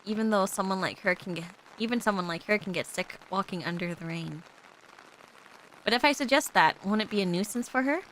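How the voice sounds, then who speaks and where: A woman's voice: medium pitch, brisk, fairly bright tone, a little hiss or hum, rough recording. A young woman streaming as a VTuber, chatting playfully with lots of giggles and reading a visual novel aloud.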